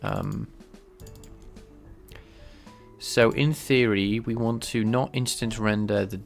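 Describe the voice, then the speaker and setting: A man talking through his coding on a casual livestream, pausing and restarting as he thinks aloud. His voice sits low with a gravelly fry, and faint music plays underneath. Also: fairly even intonation. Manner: thinking aloud, halting, many restarts and fillers. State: sneezing, a bit stuffy. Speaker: livestreaming game developer.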